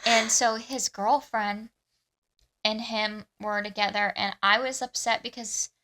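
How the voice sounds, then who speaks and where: A young adult woman co-hosting a podcast, telling an animated story in casual chat with lots of "like". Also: on the high side, a little slow, noisy background. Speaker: podcast co-host.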